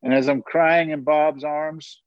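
A man's voice: fairly high pitch, little pitch movement, a little slow, no echo, dull audio. A man giving a personal faith testimony, telling his story earnestly with occasional laughs and asides.

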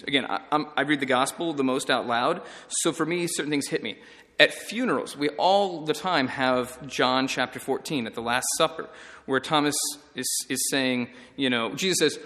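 A man's voice: mid-range voice, long reverb tail. A man, a priest, giving a conversational teaching talk on reading scripture, often checking in with "right?". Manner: conversational, animated, frequent "right?" tags.

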